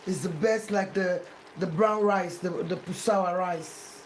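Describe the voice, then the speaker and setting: Chatty and repetitive, a cooking vlogger demonstrates a recipe in her home kitchen, occasionally breaking into playful sing-song. Her voice is fairly low and a little slow, with some hiss or hum, roomy kitchen echo, and faint ambience.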